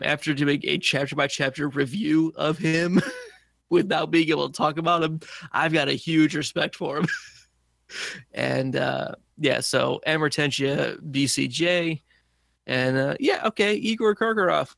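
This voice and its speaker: Young male podcast co-host, gravelly, playful and upbeat, casual chat. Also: fairly high pitch, steady tone, unhurried, fairly bright tone, dry recording, studio quality. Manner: playful, laughs often, enthusiastic.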